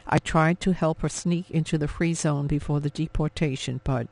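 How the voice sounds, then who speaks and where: A man's voice: on the high side, steady tone, moderate pace, creaky, darkish tone, no room sound, rough recording. A man voicing a grieving young mother. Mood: sorrowful. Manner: pleading, emotional.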